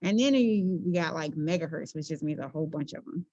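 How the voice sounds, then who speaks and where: A woman physics teacher giving a relaxed classroom lecture, playful and chatty, often checking in with her students. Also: sits low, a little fast, no echo, lo-fi sound.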